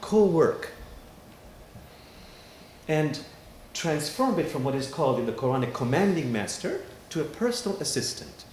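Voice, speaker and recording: A male imam preaches in a worship hall, telling stories with lively swings of pitch and pauses for effect. His voice sits somewhat high. The room is echoey, with faint ambience behind. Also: a little hiss or hum. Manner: animated storytelling with dramatic pauses. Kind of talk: sermon.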